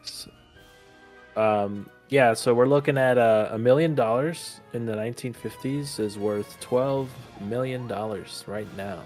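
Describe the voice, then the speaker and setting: A man co-hosting a podcast in casual chat, relaxed and halting as he recaps the plot. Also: mid-range voice, faint music behind. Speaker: podcast co-host.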